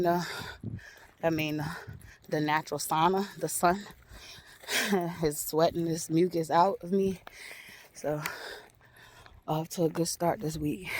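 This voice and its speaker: Low-voiced woman vlogging after a walk. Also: a little hiss or hum. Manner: reflective, relaxed, laughs often. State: a bit out of breath after a walk. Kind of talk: casual spiritual vlog talk. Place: outdoors in the sun on a walk. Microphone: phone.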